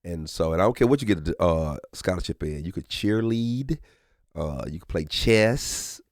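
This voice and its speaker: Deep-voiced man telling family stories. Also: normal speed, no echo, studio quality. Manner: animated storyteller, acts out family voices. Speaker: comedian guest. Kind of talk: casual podcast chat. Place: podcast studio.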